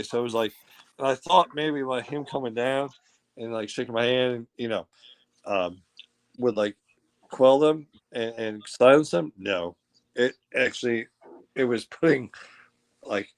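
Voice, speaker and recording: During a relaxed conversation, a man rambles through a story at a typical male pitch, stumbling over restarts and fillers and mimicking the voices of the people involved. The recording quality is low.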